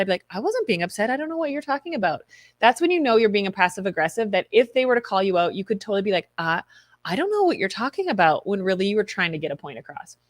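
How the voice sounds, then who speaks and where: A woman's voice: mid-range voice, no echo. A woman hosting a live stream, reading viewer comments and telling candid stories with quoted inner voices.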